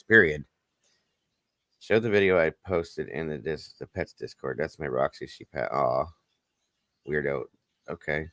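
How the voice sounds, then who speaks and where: A man with a fairly low voice hosts a casual chat. He tells joking stories in an animated way. The sound is dry and close. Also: no echo. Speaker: podcast host.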